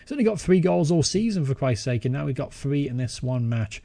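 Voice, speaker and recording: A young man giving excitable live commentary over a football management game, cheering at goals. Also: medium pitch, a little fast, creaky, no room sound. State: out of breath. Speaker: gaming channel host.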